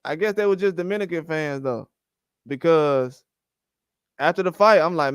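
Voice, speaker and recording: A man riffing on boxing in casual commentary, ranting and slipping into the back-and-forth of the people he quotes. His voice sits a little high and sounds smooth and resonant, recorded dry and close with no room sound. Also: moderate pace, no room sound. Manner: ranting, acts out quoted conversations. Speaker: boxing channel host.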